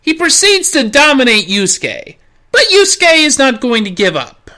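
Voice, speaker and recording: A woman's voice: high voice, very animated, normal speed, sharp tone. A woman host narrating a snarky, profane comedic anime review.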